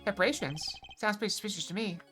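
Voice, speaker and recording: A woman streaming a game, reading and voicing its characters aloud with quick reactive asides. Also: medium pitch, over music. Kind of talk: live game playthrough, voicing all characters.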